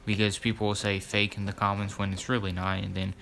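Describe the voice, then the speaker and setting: A man's voice: fairly low pitch, monotone, quick pace, gravelly, a little hiss or hum. A man giving casual, rambling gameplay commentary as a gaming YouTuber, repeating words and filling gaps as he goes. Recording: loud gameplay gunfire underneath. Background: loud game gunfire.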